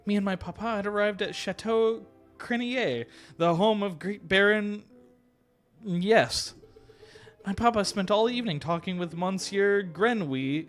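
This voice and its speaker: A man voicing a sweet, naive young noblewoman cat in a video game, with a high, lilting girlish voice. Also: measured pace, soft background music. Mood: naive chatter.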